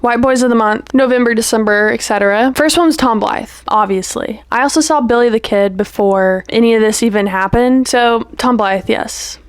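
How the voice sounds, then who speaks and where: A young woman talks straight to camera in a loose, chatty vlog, gushing and playful with a steady stream of "like" and "you know". Her voice sits a little high, and the recording is close and dry, with no room sound. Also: moderate pace, few pauses, clean tone, dry recording. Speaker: vlogger. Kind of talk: casual chat to camera.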